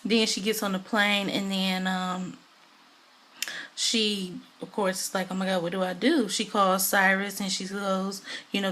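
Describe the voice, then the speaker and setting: Woman reviewer, chatty and animated, mid-pitched, retells scenes loosely with plenty of fillers. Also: unhurried. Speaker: TV show reviewer. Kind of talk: casual episode recap.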